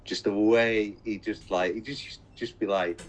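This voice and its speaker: Brief: young guy, lower voice, rambling filler-heavy chat, faint hum behind. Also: fairly even intonation, unhurried, low-quality recording. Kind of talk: casual chat.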